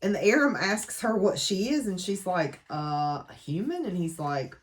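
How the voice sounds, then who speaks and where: A woman's voice: mid-range voice, sing-song, moderate pace. A woman gives a casual, chatty book recap full of dramatic asides. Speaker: book reviewer.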